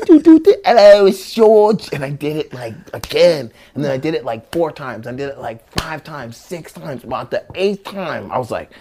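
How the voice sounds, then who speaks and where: Animated man telling stories, swearing freely. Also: mid-range voice, normal speed, few pauses, slight background noise. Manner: animated, acts out quotes in many voices, swears freely. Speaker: guest, former pro skateboarder. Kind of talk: casual storytelling.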